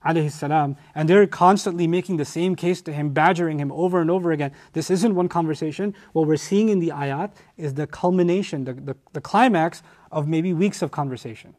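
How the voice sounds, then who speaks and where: A man giving an animated, emphatic scripture lesson as a teacher, with frequent restarts. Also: fairly high pitch, fairly quick, hardly any pauses. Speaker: Quran teacher. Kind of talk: lecture on scripture.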